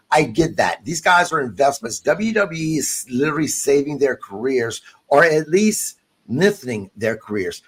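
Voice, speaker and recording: A man hosting a wrestling podcast, talking in a blunt, animated way and swearing freely in casual chat. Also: medium pitch, husky. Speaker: podcast host.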